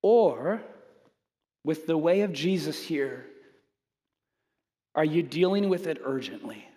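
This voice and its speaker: A man preaching a sermon with humorous storytelling. He is animated and self-mocking, acting out the voices in his stories. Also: fairly high pitch, slow pace, long reverb tail. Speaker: pastor.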